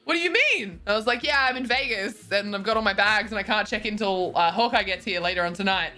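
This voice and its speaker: Over faint background music, a bubbly woman in her twenties chats with stream viewers and reads their messages, laughing a lot. She talks fast in a medium pitch, with a bright, forceful tone.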